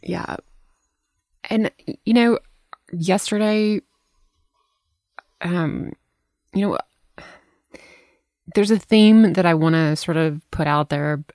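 Low, gravelly-voiced woman podcaster. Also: darkish tone, dry recording, studio quality. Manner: frank, swears freely, storytelling. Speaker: podcast host. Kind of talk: candid casual chat.

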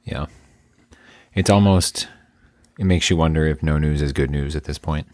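A man's voice: extremely low pitch, moderate pace, darkish tone, dry recording, clean studio sound. A man hosting a casual conversation, an attentive and sympathetic listener who asks follow-up questions.

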